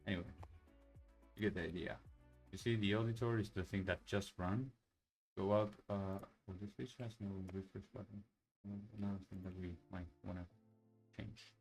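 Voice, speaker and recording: A man casually walking through a software demo on screen, thinking aloud with many fillers and restarts. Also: lowish voice, steady tone, normal speed, vocal fry, pauses often, faint music behind, low-quality recording. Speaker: software developer demoing his project. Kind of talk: casual screen-share walkthrough.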